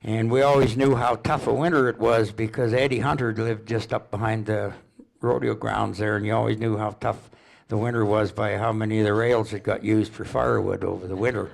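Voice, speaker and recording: An older man from Alberta telling rambling, folksy stories at a public presentation, unhurried and chuckling. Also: lowish voice, steady tone, gravelly. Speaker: local storyteller.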